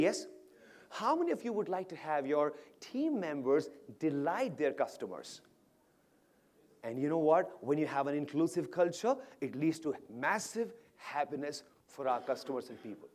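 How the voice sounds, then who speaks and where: A man giving an energetic motivational speech to an audience at an awards event, often asking the crowd questions. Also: on the high side. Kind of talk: animated stage speech to an audience. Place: large event hall with live audience.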